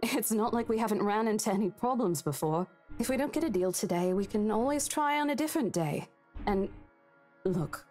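A woman's voice: medium pitch, animated, fairly quick, faint music behind, lightly acted. A woman voicing a caring, worried real estate agent. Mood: reassuring. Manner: gentle, concerned, persuasive. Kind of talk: game voice acting.

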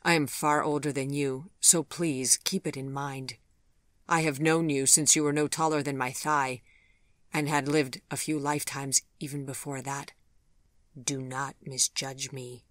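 Guy reading an ageless proud gentleman, calm formal talk, dry close sound. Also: mid-range voice, measured pace, no room sound, close to an everyday voice. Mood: stern. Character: proud ageless man, looks young, gently stern.

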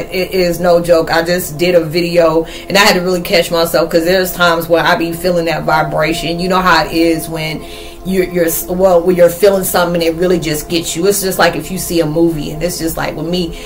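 A young woman, chatting casually and playfully in a rambling spiritual vlog. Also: fairly low pitch. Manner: rambling, playful, laughs often. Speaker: spiritual vlogger.

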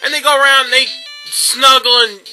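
A young man hosting a gameplay video, ranting sarcastically and mocking others in squeaky put-on voices. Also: flat delivery, moderate pace, bright, forceful tone, faint music behind, rough recording. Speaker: gaming video host.

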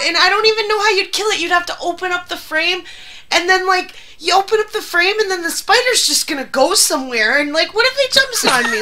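A woman's voice: very high voice, animated, brisk, noisy background. A woman streaming live, panicking, swearing and laughing in fits.

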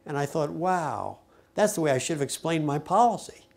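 Animated older man telling his story. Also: on the high side, moderate pace, vocal fry. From United States. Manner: animated storyteller, acts out quoted speech. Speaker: peace activist recounting his diplomacy. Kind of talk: personal storytelling to camera.

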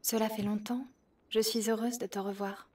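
A woman voicing a ghostly young sister in a whispered role-play, breathy, tender and pleading. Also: mid-range voice, little pitch movement, brisk, a little mellow, close to an everyday voice.

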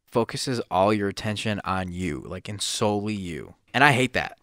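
A young man on a podcast, telling stories in a casual chat, laughing often and breaking into sudden loud bursts. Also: lowish voice, expressive, normal speed. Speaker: podcast co-host.

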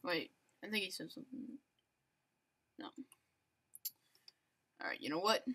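A woman giving excitable, rambling, self-mocking commentary while playing a video game. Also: fairly low pitch, measured pace, gravelly. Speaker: gaming channel host. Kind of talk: live gameplay commentary.

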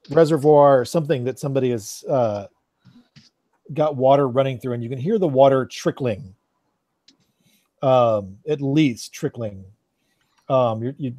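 A man narrating a tabletop game as game master over an online call, relaxed and halting as he searches for words. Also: mid-range voice, no echo.

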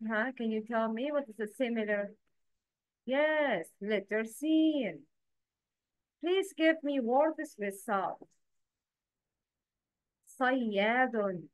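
Slow, patient female reading teacher. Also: a little high, no echo, poor audio. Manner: patient, repeats prompts and asks pupils to repeat. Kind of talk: pronunciation lesson.

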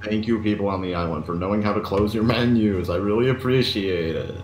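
A man's voice: fairly low pitch, a little fast, roomy sound, slight background noise. A young man chatting playfully on a gaming call, goofy and mock-grand. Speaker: co-player on a stream. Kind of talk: casual gaming chat over voice call.

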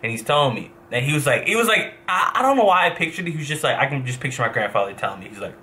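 A young man from New Jersey tells a long story in a casual vlog, rambling, backtracking and cursing as he goes. His voice is bright and forceful at an ordinary pitch. A faint hiss of noise sits under the recording. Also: racing, hardly any pauses. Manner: rambling, animated, swears and backtracks often. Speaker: vlogger, professional gamer.

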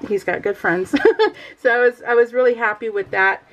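A middle-aged woman with a slightly high voice chats casually while she works on a scrapbook. She rambles from one aside to the next and laughs often. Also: fairly even intonation, moderate pace, a bit bright, dull audio. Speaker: scrapbooking vlogger. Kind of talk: casual chat while crafting.

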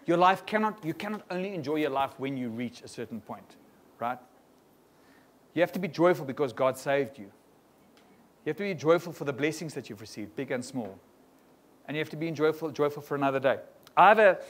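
A man preaching a sermon to a congregation in a lively style, often tagging on quick questions to the room. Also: a little high. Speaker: pastor. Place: church hall before a congregation.

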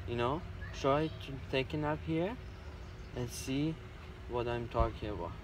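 A man's voice: mid-range voice, a little slow, background noise. A man talking fondly to his pet bird outdoors at a farm, coaxing and repeating words to it. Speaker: pet owner filming his cockatoo. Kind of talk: casual talk to a pet.

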